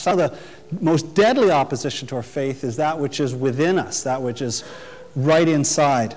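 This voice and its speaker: A man's voice: medium pitch, animated, moderate pace, darkish tone. A man preaching a sermon, earnestly explaining scripture verse by verse and often repeating himself as he works out a point. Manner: earnest expository preaching with repetitions. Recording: long reverb of a hall.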